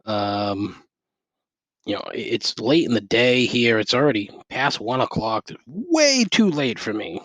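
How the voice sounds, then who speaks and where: An over-caffeinated man in middle age vents through a solo podcast episode, sarcastic and swearing nonstop. His mid-pitched voice comes through a headset mic, close and dry. He sounds wired and worked up as he complains. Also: sing-song, a little slow, fairly bright tone, no echo. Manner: ranting, sarcastic, heavy swearing. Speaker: podcast host. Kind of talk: profane solo rant. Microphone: gaming headset.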